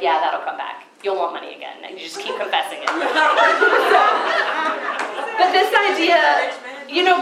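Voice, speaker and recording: A woman giving a Christian seminar talk at a conference. She tells stories in an animated way and acts out her own past thoughts. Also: mid-range voice, roomy sound, rough recording. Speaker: conference speaker.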